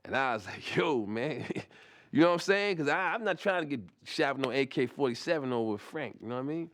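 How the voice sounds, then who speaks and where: A man tells a comic story in a rambling, profane style. He restarts his sentences often and keeps looping back with asides. His voice sits at an ordinary middle pitch. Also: expressive, quick pace, a bit bright. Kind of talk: animated anecdote telling.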